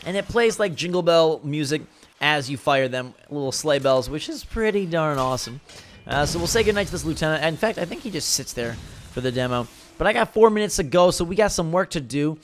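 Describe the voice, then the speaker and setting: A man's voice: fairly high pitch, lively intonation, a little fast, a little hiss or hum. A young man giving casual, enthusiastic gameplay commentary, rambling with fillers and sounding tired late at night. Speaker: gaming video host.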